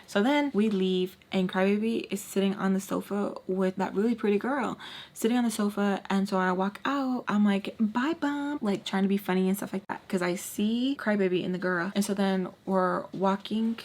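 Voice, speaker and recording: A woman's voice: mid-range voice, normal speed. A young adult woman vlogger telling a personal story in casual, slangy chat, acting out what people said. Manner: lively, slangy, acts out quoted lines.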